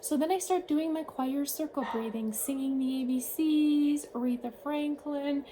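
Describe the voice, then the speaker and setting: Woman vlogger, high voice, animated conversational storytelling, faint background hiss. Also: poor audio. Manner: animated, quick shifts in tone when retelling. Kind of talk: casual storytelling to camera.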